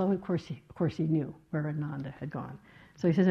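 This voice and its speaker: A woman meditation teacher giving a dharma talk in a gentle, reflective way, with many soft fillers. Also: lowish voice, fast talker, vocal fry. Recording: slightly dull lo-fi talk recording.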